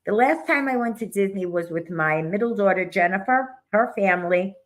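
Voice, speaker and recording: An older woman with a mid-pitched voice co-hosts a psychic show. She talks in a chatty, encouraging way, reading horoscopes and sharing family memories. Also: expressive, normal speed. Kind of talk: casual chat and astrology reading.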